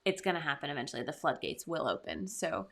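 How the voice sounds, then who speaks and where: A young woman co-hosting a casual vlog chat, soft-spoken and hesitant, with frequent ums. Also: deep voice, sing-song, fast talker. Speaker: YouTube channel co-host.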